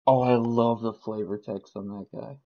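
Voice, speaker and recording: A man's voice: fairly low pitch, steady tone, normal speed, lo-fi sound. A man giving casual, joking and profane commentary while playing an online card game. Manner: joking, profane, self-mocking.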